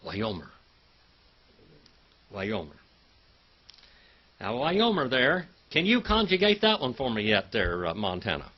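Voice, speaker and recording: A man lectures a Hebrew class in a folksy, teasing way, calling on students by name. His voice is husky and swings widely in pitch. The recording is dull and lo-fi. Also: very animated, normal speed, few pauses. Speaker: Bible and Hebrew teacher.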